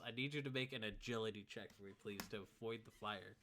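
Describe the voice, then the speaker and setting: Man, game master, relaxed narration, fillers, lowish bright voice. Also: quick pace, few pauses. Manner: laid-back, frequent fillers and chuckles.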